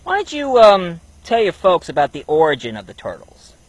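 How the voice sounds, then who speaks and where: A man's voice: high-pitched, huge pitch swings, normal speed, no echo, rough recording. A man hosting a comedic review, bantering in an exasperated way. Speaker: host, reviewer.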